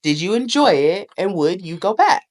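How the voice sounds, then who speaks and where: A young adult woman hosting a casual chat, bubbly and quick with asides. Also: on the low side, sing-song, a little mellow. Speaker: host.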